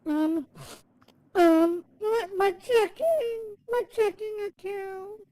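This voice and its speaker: A man's voice: very high voice, very slow, dark tone, heavily acted. A man voicing a frightened young mother on a scam call, tearful and pleading, repeating herself. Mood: shaky. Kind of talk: scambaiting call role-play.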